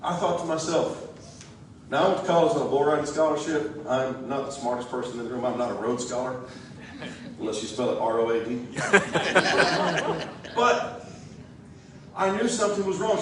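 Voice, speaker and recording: Man, campaign speech, folksy and joking, fairly high voice, echoey hall, distant mic. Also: moderate pace, pauses often, background noise. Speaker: political candidate. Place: large church hall.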